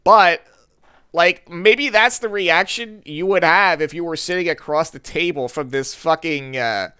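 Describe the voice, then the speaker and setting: Streamer, rambling profane commentary, bright tense voice, smooth and crisp. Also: mid-range voice, measured pace. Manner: rambling, profane, stammering asides. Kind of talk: live game commentary.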